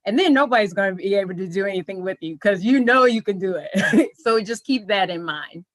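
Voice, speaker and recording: A woman on a panel giving brisk, encouraging career advice, listing steps one after another. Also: mid-range voice, animated, dry recording, low-quality recording. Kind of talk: motivational advice.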